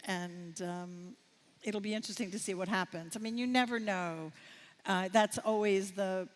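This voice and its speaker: An older American casting director giving a masterclass talk, candid and rambling, with many fillers and restarts. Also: female voice, mid-range voice. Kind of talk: masterclass conversation. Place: festival stage. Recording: reverberant hall.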